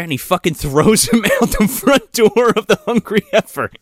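A man with a lively, up-and-down voice who talks loosely and swears freely while recapping a film. He stumbles and restarts his sentences as he goes, and his voice sounds dry and close. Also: high-pitched, moderate pace, hardly any pauses, no echo. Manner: loose and profane, with frequent restarts. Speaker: podcast co-host. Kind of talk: casual movie-recap chat.

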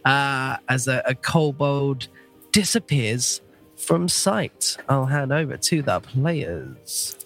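A man's voice: mid-range voice, expressive, takes it slowly, fairly bright tone, soft background music. A man with a cold, recapping a tabletop game as game master, with playful laughing asides. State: has a cold.

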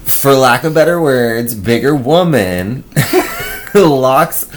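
Co-hosting a podcast, a man with a medium-pitched voice tells a story at a slow pace in casual chat. He's animated, laughs often and acts out the voices of the people involved.

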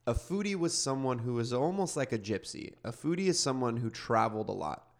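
A man hosting a casual food podcast, chatty and relaxed with casual slang. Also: medium pitch, fairly quick, creaky. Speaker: podcast host.

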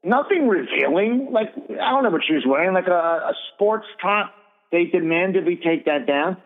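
A man's voice: high voice, animated, normal speed. A middle-aged man hosting a radio talk show, speaking bluntly and indignantly and swearing freely. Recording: tinny phone-like radio audio with long reverb.

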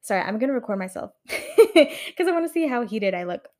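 A woman's voice: a little high, very animated, a little fast, darkish tone. Heated young woman ranting, lots of swearing. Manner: heated, swears often, many fillers and restarts. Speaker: video creator reviewing a film. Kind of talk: ranting casual vlog.

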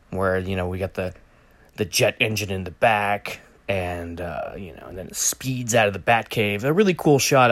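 A man's voice: on the low side, no room sound. A man casually talking through a movie trailer on his own, rambling with many fillers and joking asides. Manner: rambling, lots of fillers and restarts, jokey. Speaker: vlogger reviewing a movie trailer. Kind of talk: casual solo commentary.

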